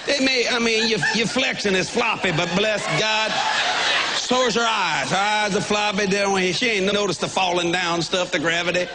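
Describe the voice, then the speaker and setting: A man preaching a sermon, telling a comic story in a folksy, animated way, often shouting and laughing. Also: high voice, moderate pace, background noise. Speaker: pastor.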